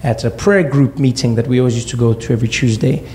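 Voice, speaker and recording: A man in his thirties from South Africa, telling a stand-up comedy story and acting out quoted voices in sudden high-pitched bursts. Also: fairly even intonation, quick pace, dark tone, slight background noise.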